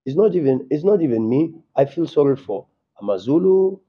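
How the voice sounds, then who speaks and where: Impassioned South African football coach. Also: male voice, on the high side, sing-song, a little fast, slightly rough, muffled recording. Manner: impassioned, repetitive, stammering restarts. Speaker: football coach at a press conference. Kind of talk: post-match press conference.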